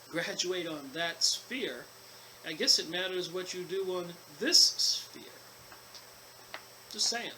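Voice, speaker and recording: Reading from a book on his channel, a man keeps breaking off into long, rambling asides full of fillers and restarts, a casual mix of reading and commentary. His voice is fairly high, bright, and forceful, and the rough recording has a little hiss or hum.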